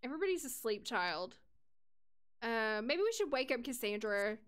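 A young woman streams a game with a fairly high, clean, fairly bright voice whose pitch swings widely, moving at a moderate pace. She's chatty and giggly, laughing often as she talks casually to her viewers and to her characters over the gameplay.

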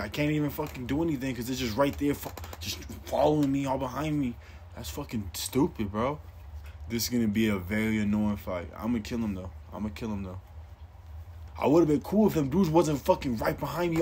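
A man's voice: medium pitch, a little fast, a little mellow, slight background noise. A young man giving casual, profane commentary while playing a hard game, getting more and more frustrated. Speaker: gameplay streamer.

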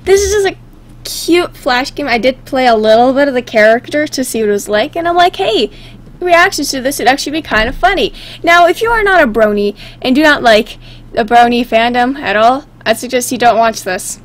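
High, lively woman chatting over a game. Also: brisk. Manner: chatty and giggly, jumps into silly character voices. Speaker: gaming video host. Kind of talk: casual game commentary.

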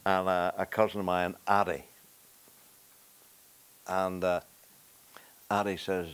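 A man's voice: deep voice, a little slow, long pauses. An older man with a Northern Irish accent, a talk show guest telling a casual anecdote and acting out the quotes. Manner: storytelling with acted-out quotes. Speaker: talk show guest, former sports broadcaster.

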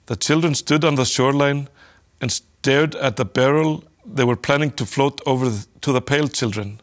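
A man reading a children's story aloud in a calm, measured way. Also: mid-range voice. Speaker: narrator.

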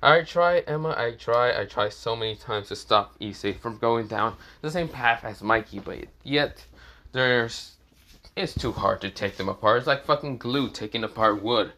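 A teasing young man who loves to needle his friend, talking in an easy, offhand voice, as a man reads him aloud. His pitch sits in the middle, neither high nor low. The tone stays joking and loose. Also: normal speed, sharp tone. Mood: exasperated.

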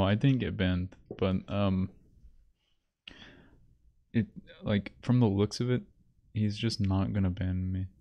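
A man's voice: fairly low pitch, a little mellow. A man streaming live, chatting casually and rambling between bursts of laughter and mock self-pity. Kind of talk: casual livestream chat.

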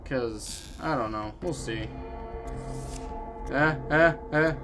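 A man giving casual gameplay commentary, animated with loud outbursts and self-mocking jokes. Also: a little high, slow, pauses often, soft background music. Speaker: gaming video host.

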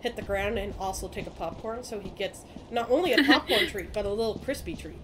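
A woman's voice: medium pitch, brisk, background noise. Laid-back chatty woman gamer. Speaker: co-streamer. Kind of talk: casual chat while gaming.

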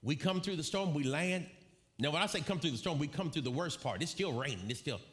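A man preaching a sermon, telling a story with animated, shouted quotes and bursts of laughter. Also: fairly high pitch, brisk. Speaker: pastor.

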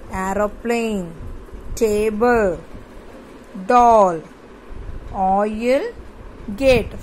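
A woman teaching young children from a workbook, going slowly, repeating words and spelling them out letter by letter. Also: a little high, slight background noise, rough recording. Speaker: primary school teacher. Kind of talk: classroom lesson, explaining a workbook page.

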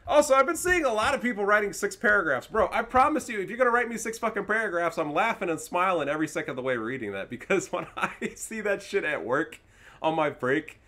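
A man's voice: high voice, animated, quick pace, sharp tone. A young man casting his own strategy game online, talking in a casual, slangy and profane way and laughing often. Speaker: gaming YouTuber and caster. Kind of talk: casual gameplay commentary.

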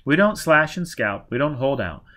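A man reading an audiobook, voicing a nervous retired crook who talks in a gruff, blustering way. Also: mid-range voice, very animated, moderate pace, a bit bright, pitched above the performer's own voice.

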